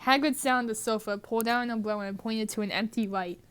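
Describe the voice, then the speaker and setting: Brief: giggly woman narrating a silly script, slightly high-pitched. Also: fast talker, fairly bright tone, clear, resonant tone. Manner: laughs constantly. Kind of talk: amateur comedic script reading.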